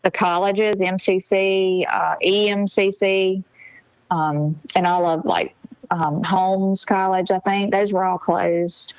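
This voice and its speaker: A woman's voice: medium pitch, steady tone, slow pace, clean tone, dry recording, muffled recording. A woman with a Mississippi Southern accent co-hosting a morning show, chatting in a rambling way with many fillers. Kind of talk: casual on-air chat.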